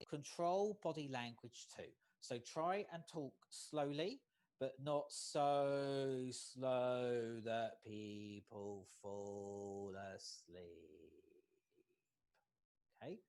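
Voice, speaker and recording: A facilitator gives an online training lecture over a video call. The pace is measured, and nearly every point ends with a checking "okay?". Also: medium pitch, darkish tone. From United States. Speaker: workshop facilitator.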